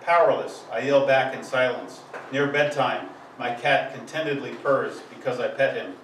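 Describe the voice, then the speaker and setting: A man's voice: mid-range voice, moderate pace, fairly bright tone, a little hiss or hum. A man giving a live poetry reading, with a rhythmic, emphatic delivery that drives through long lists. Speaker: poet. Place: live poetry event venue. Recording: echoey room, distant mic, faint ambience.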